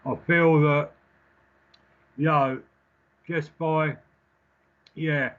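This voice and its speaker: A man working as a psychic medium and giving a live spirit reading. He talks in a gentle, reassuring way and keeps checking in with "okay?" and "all right?". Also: fairly high pitch, steady tone, very slow. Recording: slightly dull lo-fi stream audio.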